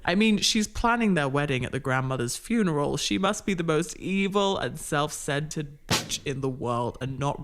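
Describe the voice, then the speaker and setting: A video essayist giving mock-academic commentary in a wry, deadpan manner. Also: medium pitch.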